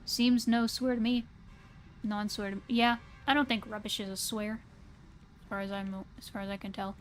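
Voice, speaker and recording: A woman's voice: mid-range voice, flat delivery, moderate pace, faint music behind. Chatty American woman streaming a game. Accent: standard American. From American South. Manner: rambling, hesitant with many fillers. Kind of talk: casual live-stream chat while gaming.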